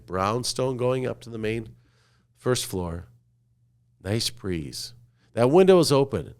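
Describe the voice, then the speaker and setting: A man hosting a podcast, telling a slow guided-imagery story and dropping to a hushed, low voice at the ends of phrases. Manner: slow, coaxing, asks listener to picture scenes. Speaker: podcast host.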